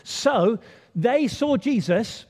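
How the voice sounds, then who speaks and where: A man's voice: very high voice, lively intonation, very slow, darkish tone, slightly rough. A man, playful and chatty as he draws the congregation in. His voice rings out with a long reverb from a large church hall. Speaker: church leader. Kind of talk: all-age children's talk.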